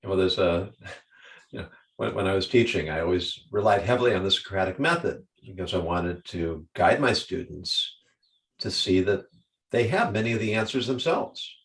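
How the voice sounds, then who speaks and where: A man co-hosting a podcast, recalling his teaching days in an animated way, chuckling as he talks. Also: deep voice, moderate pace. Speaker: podcast co-host, rabbi. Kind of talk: casual conversation. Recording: roomy, distant from mic.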